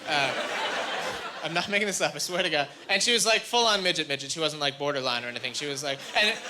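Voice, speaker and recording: A man's voice: a little high, fast talker. A man doing a stand-up comedy set on a club stage, rambling through his stories and acting out the voices of the people in them. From Canada. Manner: rambling storyteller, acts out quoted voices. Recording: live club recording, loud crowd noise. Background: audience laughter.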